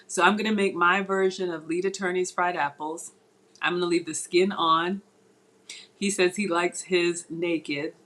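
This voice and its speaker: A woman's voice: fairly low pitch, steady tone, unhurried, fairly bright tone. A woman hosting a live cooking stream from her home kitchen, chatting with viewers and reading their comments aloud as she works. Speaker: cooking channel host. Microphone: tablet on the counter.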